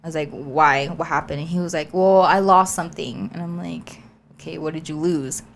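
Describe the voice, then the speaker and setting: A young woman co-hosting a podcast, telling a story in a chatty, animated way with lots of fillers. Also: deep voice, moderate pace, gravelly, slight background noise. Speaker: podcast co-host. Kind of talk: casual storytelling chat.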